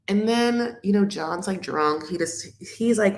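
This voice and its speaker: A woman's voice: lowish voice, moderate pace, hardly any pauses. A woman hosting a live reality TV recap, chatting in a campy, gossipy way, full of "like" and "honey". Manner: chatty and campy, calls viewers honey and my loves; rambling, full of likes and restarts.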